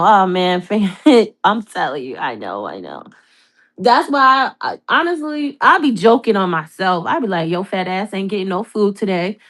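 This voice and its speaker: A young woman hosting a casual chat, telling stories loudly and profanely, laughing often. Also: medium pitch. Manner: loud, profane, laughing storyteller. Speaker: podcast host.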